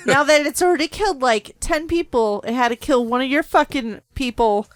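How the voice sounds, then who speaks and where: A woman co-hosting a casual movie review chat, laughing often and chiming in with quick replies. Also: sits high, dry recording. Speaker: podcast co-host.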